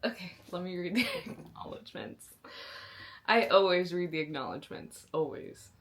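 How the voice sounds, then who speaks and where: A young woman talking casually in a reading vlog, gushing and excitable, with lots of slang and restarts, from her sister's bedroom. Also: fairly low pitch, normal speed. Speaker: book vlogger.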